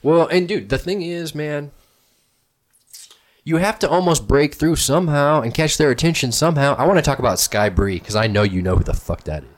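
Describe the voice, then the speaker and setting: A man's voice: a little high, a little fast. A young man hosting a casual podcast chat, joking and self-deprecating, swearing freely. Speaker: podcast host.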